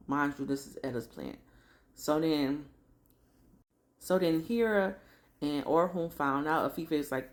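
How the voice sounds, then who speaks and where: A woman's voice: low voice, takes it slowly. A woman chatting through a casual, slangy recap of a TV drama episode. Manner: chatty slangy storytelling, acts out characters.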